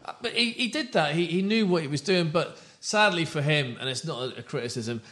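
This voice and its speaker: Fast-talking chatty podcast host. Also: male voice, fairly high pitch, expressive, crowd noise. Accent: London English. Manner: chatty, jokey, quick. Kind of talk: casual football podcast chat.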